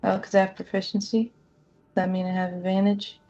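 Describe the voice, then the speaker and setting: A woman playing in a tabletop game, talking in a hesitant, halting way. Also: medium pitch, completely flat delivery, warm tone, muffled recording. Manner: hesitant, halting, laughs often. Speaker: player. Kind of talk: casual tabletop game play.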